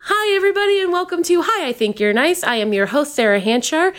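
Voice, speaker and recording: A woman's voice: sits high, expressive, fast talker, a bit bright, faint music behind. A woman hosting her podcast, chatting casually with bubbly, playful energy and goofy asides. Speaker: podcast host.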